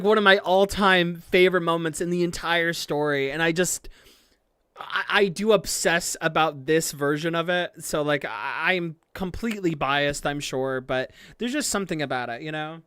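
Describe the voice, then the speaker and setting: A streamer gives casual live commentary on an anime episode, rambling and gushing with many fillers, swearing freely and breaking into excited outbursts. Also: moderate pace, clear, resonant tone, no echo, studio quality. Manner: swings into excited high outbursts.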